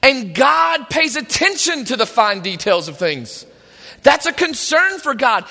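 A man's voice: very high voice, sharp tone. A man preaching a sermon, retelling scripture with emphatic quoted voices, heard in a large room with a long echo. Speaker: pastor.

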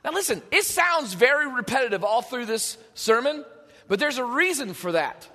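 A man preaching a sermon in a conversational, animated way, with joking asides to his congregation. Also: very high voice, moderate pace, in a large hall. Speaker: pastor. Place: church sanctuary.

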